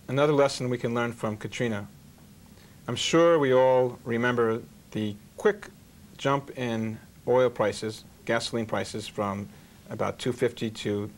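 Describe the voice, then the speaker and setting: A man who is a rabbi hosting an interview show, telling jokes and parables in a folksy, sermon-like way. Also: mid-range voice. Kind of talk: sermon-like storytelling monologue.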